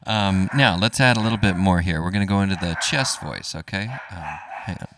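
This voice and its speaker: A man teaching a live-streamed vocal warm-up, encouraging and relaxed, demonstrating sung vowels between explanations. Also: deep voice, brisk, background noise. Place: home studio, dogs nearby.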